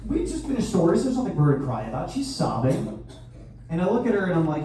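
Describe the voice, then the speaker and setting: A man in his thirties doing a crude stand-up comedy set with sudden loud outbursts. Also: high-pitched, very animated, quick pace. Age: 30s. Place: live venue hall. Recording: echoey hall from far off, faint noise.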